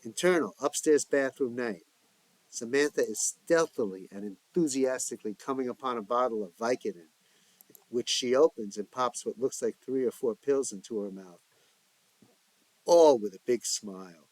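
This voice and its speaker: A man's voice: mid-range voice, moderate pace, no room sound, poor audio. A man reading his own screenplay aloud, stage directions and all, now and then stopping to correct himself.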